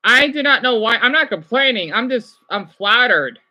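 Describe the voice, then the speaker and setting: A man's voice: extremely high pitch, expressive, moderate pace, bright, forceful tone, low-quality recording. A young man reading viewers' chat comments aloud and answering them on a casual livestream. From United States.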